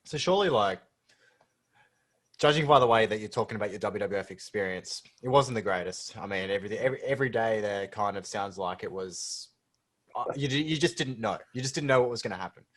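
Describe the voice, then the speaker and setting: A man's voice: fairly low pitch, lively intonation, brisk, fairly bright tone. A man, co-hosting a podcast and asking long, rambling questions. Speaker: podcast co-host. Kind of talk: casual interview questions.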